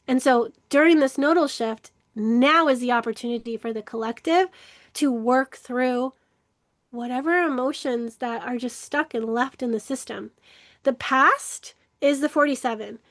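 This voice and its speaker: A woman with a high voice teaches about emotional healing in an earnest, reflective way. She often repeats words for emphasis. The sound is dry and close, with no room echo. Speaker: workshop leader in emotional healing. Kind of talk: casual spiritual teaching to camera.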